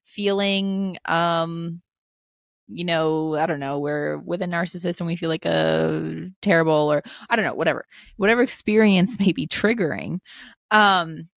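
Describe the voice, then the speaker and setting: A young woman in her twenties speaks with a low, gravelly voice. She talks gently and reassuringly as a guest coach on a podcast, filling her speech with "like." The sound is dry and close, with no room echo. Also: unhurried. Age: 20s. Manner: gentle, reassuring, many "like" fillers. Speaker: spiritual life coach. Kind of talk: podcast interview.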